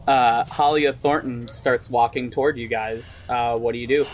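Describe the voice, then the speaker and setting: A man's voice: mid-range voice, steady tone, a little slow, a little hiss or hum. Chatty, laughing game master man. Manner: casual, chatty, frequent laughs and fillers. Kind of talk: narrating a tabletop game.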